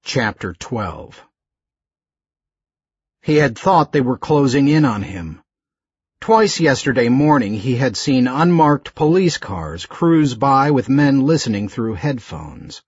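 A man narrating an audiobook in a slow, measured, expressive reading. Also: mid-range voice, husky, dry recording, muffled recording.

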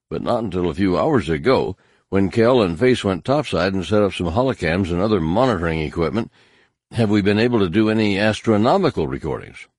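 Narrator doing a gruff scientist: deep, dry, clipped technical talk. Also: male voice, darkish tone, dry recording.

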